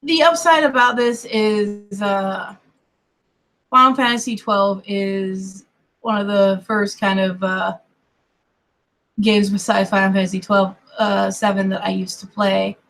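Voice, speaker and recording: A woman's voice: medium pitch, fairly even intonation, a little slow, a bit bright. A young woman from the western US with a mixed accent touched by Kentucky Southern, chatting in a rambling, playful way while she draws. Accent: mixed American with light Kentucky Southern touches. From Colorado and California, US. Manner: chatty and digressive, with laughs and playful asides. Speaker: streamer drawing while chatting. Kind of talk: casual rambling chat while drawing.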